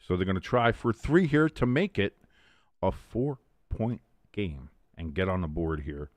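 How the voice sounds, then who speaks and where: Guy hosting a football watch-along stream, lowish voice, bouncy delivery, dry sound, swears a lot. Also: a little slow, dry recording. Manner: animated play-by-play mixed with profane rants. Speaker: host. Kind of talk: live game watch-along commentary and chat.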